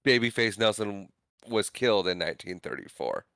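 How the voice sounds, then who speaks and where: A man's voice: fairly low pitch, expressive, moderate pace, vocal fry, a bit bright, clean tone, dry recording. Dry-toned man on a podcast. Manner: short, dry interjections and questions. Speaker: podcast co-host. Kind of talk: casual film chat.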